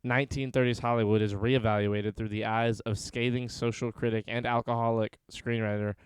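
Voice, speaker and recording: A man's voice: medium pitch, level tone, brisk, clear, resonant tone, dry recording. A man co-hosting a casual podcast, reading film synopses aloud with dry, sarcastic asides between them. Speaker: podcast co-host.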